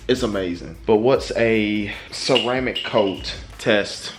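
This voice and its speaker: A young man hosting a casual car-care vlog, chatting in a relaxed, informal way with slang. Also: fairly low pitch, slow, over music. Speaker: car detailing vlogger. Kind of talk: casual product review vlog.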